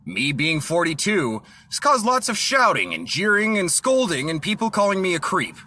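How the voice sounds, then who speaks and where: Guy reading dark jokes, really bright tone, voice swings all over. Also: high-pitched, moderate pace, slight background noise. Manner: deadpan punchline delivery with lively swings. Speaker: comedy content creator.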